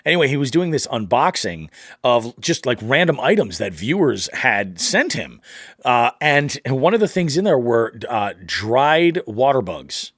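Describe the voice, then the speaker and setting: An upbeat middle-aged man hosts a casual fishing podcast in a dry, close-miked sound. He rambles along, circling back with fillers as he talks at a mid pitch. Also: very animated, a little slow, a bit bright, dry recording. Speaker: podcast host.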